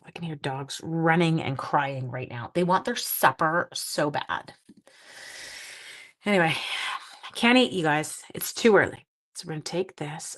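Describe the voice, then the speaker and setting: A woman's voice: low-pitched, unhurried, a bit bright, poor audio. A woman in her forties hosting a live crafting stream from her home craft room, chatting with viewers in a casual, enthusiastic way. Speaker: crafting livestream host.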